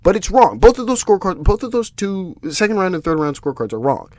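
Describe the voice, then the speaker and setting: A man hosts a solo podcast and rants in exasperation, swearing as he goes. He restarts his sentences often, and his slightly high voice swings up and down a lot. The recording is close and dry. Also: fast talker, no room sound. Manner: animated, exasperated ranting with frequent restarts and swearing. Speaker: podcast host. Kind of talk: solo MMA podcast commentary.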